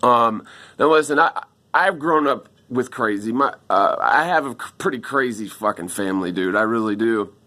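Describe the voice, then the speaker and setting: Upset rambling man with a bright voice. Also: medium pitch, expressive, moderate pace. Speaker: vlogger asking viewers for help. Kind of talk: casual video monologue. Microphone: phone camera.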